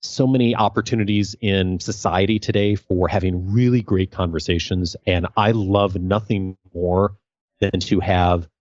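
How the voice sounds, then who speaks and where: Deep-voiced earnest male guest. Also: fairly even intonation, darkish tone, no echo, highs cut off. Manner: earnest, measured, grateful. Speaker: podcast guest, leadership coach. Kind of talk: conversational interview.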